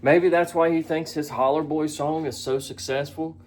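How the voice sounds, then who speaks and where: A man's voice: a little high, steady tone, normal speed, a little hiss or hum. Sarcastic man doing reaction commentary. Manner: sarcastic and mocking, breaks into laughs. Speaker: commentary vlogger.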